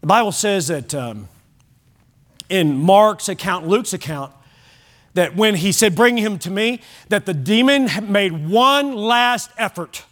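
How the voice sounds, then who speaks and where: A male pastor preaching a sermon, swinging from loud exhortation to hushed lines, with conversational asides to the congregation. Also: high-pitched, lively intonation, takes it slowly.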